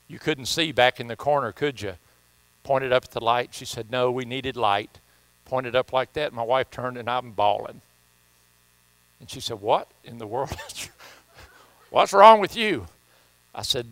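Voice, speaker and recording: A man's voice: medium pitch, moderate pace, a bit bright, no room sound. A man preaching a sermon in church, telling folksy stories and reading scripture with emphasis. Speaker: pastor. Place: church sanctuary.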